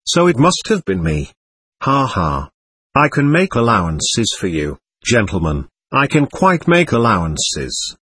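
A man reading an agitated, proud young man who pleads and protests with passion. The voice is husky and swings widely in pitch, heard close and dry as in an audiobook. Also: huge pitch swings, a little slow, fairly bright tone, no echo, exaggerated voice. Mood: impassioned. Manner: impassioned, pleading, emphatic.

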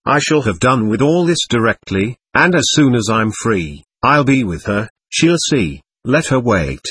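A man's voice: medium pitch, sing-song, unhurried, fairly bright tone, breathy edge, exaggerated voice. A man voicing an impetuous young prisoner who speaks in fervent, pleading outbursts, read in an audiobook.

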